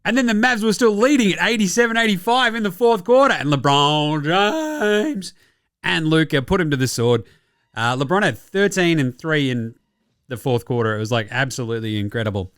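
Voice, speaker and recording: A man with an Australian accent recapping basketball results in a casual, sweary, excitable and sarcastic way. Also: on the high side, moderate pace, smooth, no echo, clean studio sound, soft background music. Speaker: basketball podcast host.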